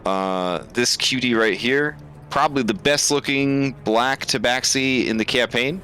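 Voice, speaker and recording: Slow, relaxed man running a game. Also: mid-range voice, faint music behind. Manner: relaxed, thinking aloud with many fillers. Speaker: game master.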